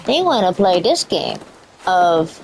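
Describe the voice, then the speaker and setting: A woman streaming a video game, swearing casually and talking to the characters, her voice cracking and squeaking. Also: slow, a little hiss or hum. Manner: profane, excitable, talks to the game characters. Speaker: gaming streamer. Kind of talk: casual let's-play commentary.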